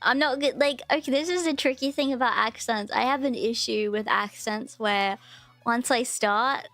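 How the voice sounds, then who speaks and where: A woman's voice: on the high side, normal speed, fairly bright tone. A woman VTuber streaming, chatting casually, rambling and reacting to her chat with frequent giggles.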